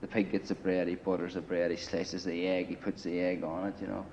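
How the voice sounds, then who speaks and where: Captured on dull lo-fi 1980 film audio with a bit of hiss or hum, a low-voiced man with a darkish, flat tone talks fairly quickly. He's casually telling a long, profane war story in a grungy apartment, rambling with plenty of "you know" and "right."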